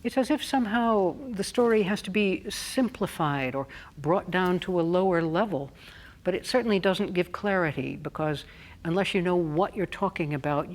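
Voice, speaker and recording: A woman voice coach giving a clear, deliberate spoken lesson on stressing words. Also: fairly low pitch.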